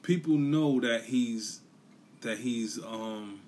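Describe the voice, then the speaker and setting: A man talks straight into his podcast mic, blunt and profane, hammering each point home by repeating it. His voice sits at an ordinary middle pitch. A faint background hum runs under the recording. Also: slow, a little mellow. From New York City. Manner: blunt, profane, repetitive ranting. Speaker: podcast host. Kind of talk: casual solo commentary.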